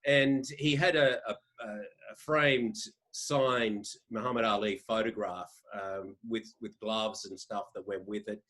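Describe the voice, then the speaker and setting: A man's voice: on the low side, fairly even intonation, measured pace, few pauses, bright, forceful tone. Rambling Australian man in his fifties. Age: 50s. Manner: rambling anecdotal, frequent restarts. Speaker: podcast guest, sports editor. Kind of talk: casual interview storytelling.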